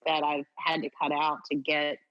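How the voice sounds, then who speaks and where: A middle-aged woman, a guest on an interview, telling a personal story in an animated way with many fillers. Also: sits low, moderate pace. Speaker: guest, district attorney. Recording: slightly dull audio.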